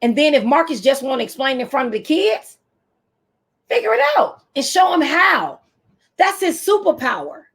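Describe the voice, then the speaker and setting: Talking to camera, this American teacher trainer in her fifties has an animated, preacherly delivery and AAVE speech. She is high-pitched and keeps a moderate pace.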